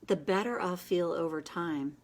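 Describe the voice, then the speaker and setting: A woman hosting a casual live session, coaching a group in an earnest, gentle and encouraging way, with quick asides. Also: on the low side. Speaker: inner child tapping coach, host.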